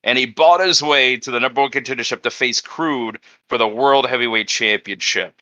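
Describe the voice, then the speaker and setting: Host for a wrestling presser, upbeat, very bright tone, dry close sound. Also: male voice, mid-range voice, normal speed, no echo, highs cut off. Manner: upbeat, hypes and plays along. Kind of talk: announcer-style presenting.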